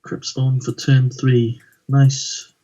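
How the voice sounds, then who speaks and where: A man co-commentating a card game tournament, weighing up plays in a measured, analytical way. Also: medium pitch, monotone, mellow. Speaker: esports co-commentator. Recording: dull lo-fi mic.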